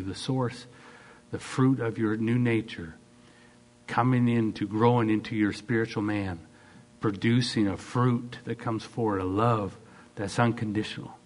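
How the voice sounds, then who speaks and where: Animated male preacher. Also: medium pitch. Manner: animated, acts out quoted voices, swings between loud and soft. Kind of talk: sermon.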